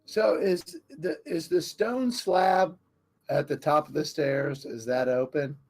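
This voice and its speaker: A man's voice: fairly high pitch, slow pace, creaky, a little mellow, faint music behind. A man playing in a tabletop game, talking hesitantly and often restarting his sentences. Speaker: player. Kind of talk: casual game chat.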